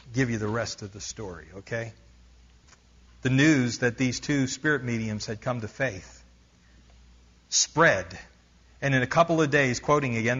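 A man preaching, retelling a missionary story with lively emphasis. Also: medium pitch, lo-fi sound.

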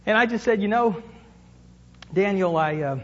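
Husky-voiced male pastor preaching. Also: high voice, moderate pace. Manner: conversational, asks the congregation questions, builds to emphatic peaks. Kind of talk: sermon. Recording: dull lo-fi sound with long church reverb.

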